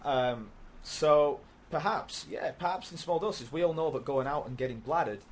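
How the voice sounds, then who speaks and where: A man's voice: fairly high pitch, normal speed, slight background noise. A man with a British accent talking casually as a guest, often repeating words and laughing as he goes. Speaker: podcast guest. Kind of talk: casual conversation.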